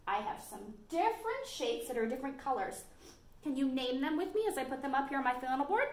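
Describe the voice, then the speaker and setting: A woman children's librarian leading a virtual storytime, talking clearly and encouragingly to small kids. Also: sits high, sing-song, a little fast. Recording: echoey room.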